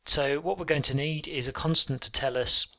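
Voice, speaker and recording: A man walking through a coding tutorial on screen, relaxed and thinking aloud with frequent ums. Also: on the high side, normal speed, vocal fry. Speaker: programming tutor.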